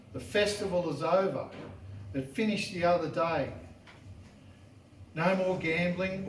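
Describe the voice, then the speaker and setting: A man reading his own rhyming poems at an open mic, wry and joking about his lines. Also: a little high. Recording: echoey room, mic far off, faint noise.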